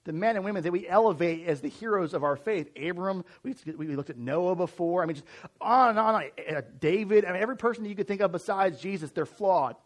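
A man in his forties from the United States, preaching a sermon to a church audience in a conversational, animated way, often restarting his sentences. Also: high-pitched, brisk. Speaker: pastor.

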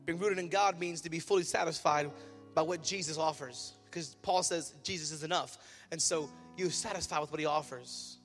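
High bright husky preacher man. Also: moderate pace. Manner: preaching with sudden loud emphatic rises and quiet asides. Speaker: pastor. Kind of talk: sermon. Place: church. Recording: church hall reverb, faint music.

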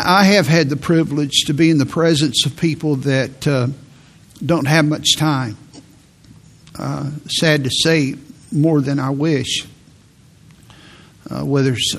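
An older man preaching a sermon to his congregation. His voice sits a little high, and he talks in halting runs with restarts and repeated words. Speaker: pastor.

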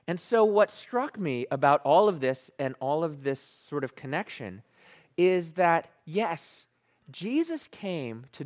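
A male pastor delivering a sermon in a church, voice a little higher than most men's. He tells stories with playful self-mockery, his pitch swinging widely as he talks.

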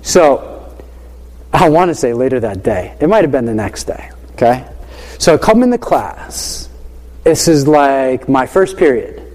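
A man who teaches high school, telling a classroom story in a casual, animated way with lots of fillers. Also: unhurried, in a large hall. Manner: animated, chatty, many fillers like "you know".

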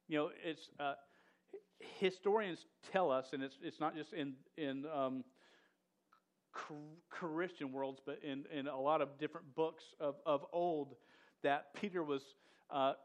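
A man preaching a casual, emphatic sermon who often stumbles and restarts words and drops slang like "dude". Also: on the high side.

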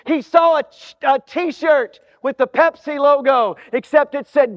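Slow high-voiced preacher in an echoing hall. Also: male voice. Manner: humorous, storytelling, wry asides. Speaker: pastor. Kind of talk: sermon. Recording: dull sound in a reverberant hall.

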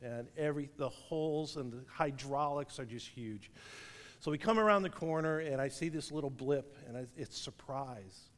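A man's voice: mid-range voice, normal speed. Man preaching in an echoing hall. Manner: animated storyteller, laughs at his own stories. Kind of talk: sermon with storytelling. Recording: long reverb of a large hall.

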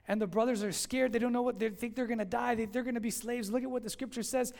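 A male pastor giving a sermon, telling a story with lively voiced dialogue. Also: very high voice, quick pace, gravelly, few pauses. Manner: animated storytelling, acting out dialogue.

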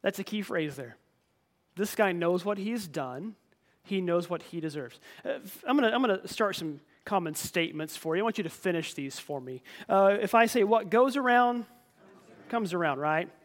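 A man's voice: high-pitched, expressive, moderate pace. A man preaching a sermon in a conversational way, asking the listeners questions and often repeating words. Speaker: pastor.

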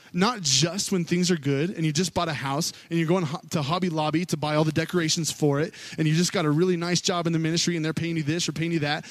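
A man in his thirties, a worship pastor, telling a personal story in a sermon with candid, conversational delivery that swings between loud pleading and quiet asides. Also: no room sound. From Missouri. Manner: candid storytelling, rising to loud pleading then dropping low.

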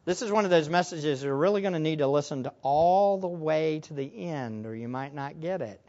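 A man preaching a sermon as pastor, emphatic, asking rhetorical questions and swinging between loud and soft. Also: fairly high pitch, expressive, fairly quick, lo-fi sound.

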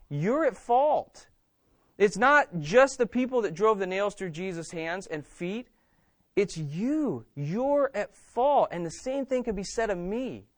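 A man's voice: high-pitched, a bit bright, no room sound, studio quality. A man preaching a sermon in a church as pastor, emphatic and repeating words with frequent restarts.

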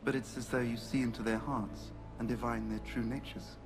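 Man as an earnest companion, flat delivery, film clip, music underneath. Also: medium pitch, normal speed, lightly acted.

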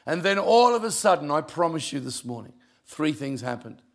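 An older man, a pastor telling personal stories in a sermon, emotional and conversational, with a gravelly voice. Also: fairly high pitch, big pitch swings, moderate pace. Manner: emotional, conversational storytelling with asides. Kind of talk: sermon storytelling.

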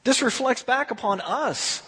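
A man's voice: extremely high pitch, unhurried, a bit bright, in a large hall, a little hiss or hum. A man preaching a conversational sermon, telling the story and acting out what people say. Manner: conversational storytelling, acts out quotes. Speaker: pastor.

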